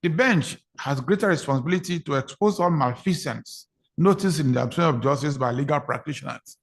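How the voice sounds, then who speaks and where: A man's voice: on the high side, lively intonation, fast, creaky. A man with a Nigerian accent, a senior lawyer giving a formal ceremonial speech, deferential and repeating key phrases for emphasis. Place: courtroom ceremony.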